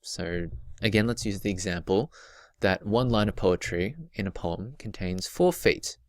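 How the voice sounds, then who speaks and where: Man, very low voice, dry close sound, patient teacher, repeats key points. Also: unhurried, no echo. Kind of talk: recorded slideshow lesson.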